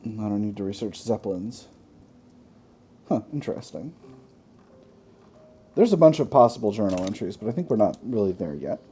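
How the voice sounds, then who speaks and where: A man's voice: fairly low pitch, expressive, moderate pace, long pauses, warm tone, slight background noise. A man hosting a gaming channel, chatting through a strategy game, thinking aloud with wry self-mocking asides.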